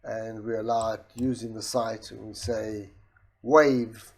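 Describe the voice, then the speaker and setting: Soft-voiced man demoing software. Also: on the low side, moderate pace. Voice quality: soft, voice not carrying far. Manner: steady explanatory, with restarts and voice commands. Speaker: software demonstrator. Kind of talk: screen-recorded product demo.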